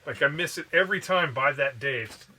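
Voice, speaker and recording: A man from Southern California co-hosts a relaxed podcast in a fairly high, bright voice. He banters with loose swearing and easy laughter. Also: fairly quick, a little hiss or hum. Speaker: podcast co-host. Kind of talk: casual chat.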